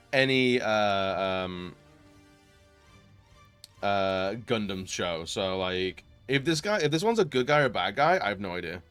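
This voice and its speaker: A man's voice: fairly low pitch, smooth. A man chatting casually on a live stream as a variety streamer, greeting viewers with frequent fillers. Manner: chatty, laughing, greets chat warmly, many fillers.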